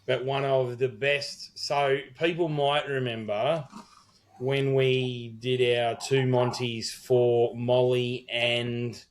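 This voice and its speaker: A man's voice: mid-range voice, flat delivery, takes it slowly. A middle-aged Australian man, a wedding celebrant, co-hosting a podcast and telling a rambling story full of quoted dialogue and swearing. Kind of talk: casual storytelling chat.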